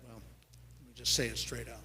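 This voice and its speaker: A man speaking for a development applicant at a city planning meeting, calm and accommodating. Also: mid-range voice. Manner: measured, accommodating. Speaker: applicant's representative. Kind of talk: public meeting presentation. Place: city council chamber.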